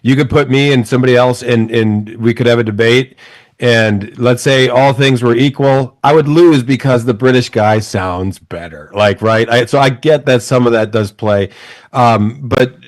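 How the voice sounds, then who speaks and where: Measured man in a dry, close room. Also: medium pitch, no echo. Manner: measured, hesitant, many restarts. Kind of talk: casual political talk.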